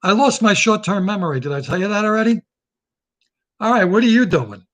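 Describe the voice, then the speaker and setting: A man hosting his own comic monologue, rambling and sarcastic, firing off quick jokes. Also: high voice, expressive, fairly bright tone. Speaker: comedian and host.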